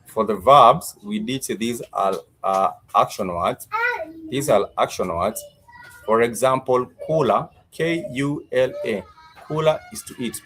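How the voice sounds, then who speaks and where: A man teaching Swahili words in a live-streamed lesson, slowly repeating each word and its meaning, with many fillers. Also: medium pitch, fairly bright tone, a little hiss or hum.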